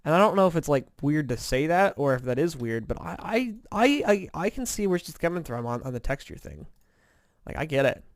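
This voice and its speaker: A man's voice: a little high, big pitch swings, a little fast, no room sound. A man from Indiana casually chatting over a game he is playing, rambling and self-mocking, tired from little sleep. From Indiana, USA. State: tired, yawning. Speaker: gaming commentator. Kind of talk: casual let's-play chat.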